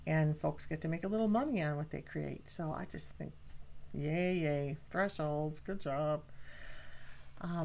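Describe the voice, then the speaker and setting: In a low-pitched voice with vocal fry and a slightly mellow quality, a middle-aged woman shares stories about her family. Her storytelling is chatty and full of laughter, addressed directly to those listening.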